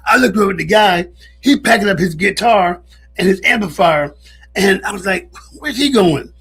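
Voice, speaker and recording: A man's voice: high-pitched, normal speed, a bit bright, slightly rough. A man co-hosting a casual radio chat show from a studio, telling stories with easy laughter. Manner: laughing storyteller. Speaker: co-host.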